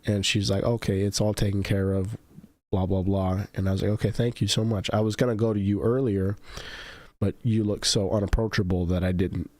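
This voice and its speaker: Man, podcast host, casual chat, lowish voice, dry close sound. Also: brisk, dry recording. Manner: animated storytelling, high-pitched quoted voices.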